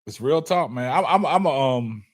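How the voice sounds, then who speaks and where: Animated man hosting a call-in stream. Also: fairly high pitch, normal speed, slightly rough. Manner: animated, repetitive, reads chat aloud. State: choked up, coughing. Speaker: livestream sports show host. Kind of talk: casual call-in livestream talk.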